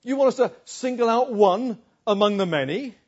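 A man's voice: very high-pitched, expressive, normal speed, a little mellow, pitched above the performer's own voice. A man voicing an exasperated, blunt male disciple in a sermon, raised and incredulous. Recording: dull lo-fi recording.

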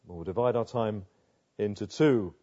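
A man's voice: lowish voice, moderate pace, dark tone, lo-fi sound. A man preaching a sermon, emphatic, repeating words and asking rhetorical questions.

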